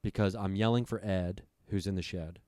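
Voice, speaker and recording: Male guest, low voice, profane storyteller, dry mic. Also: steady tone, moderate pace, mellow, dry recording. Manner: profane, breathless retelling. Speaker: podcast guest. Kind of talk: storytelling on a comedy podcast.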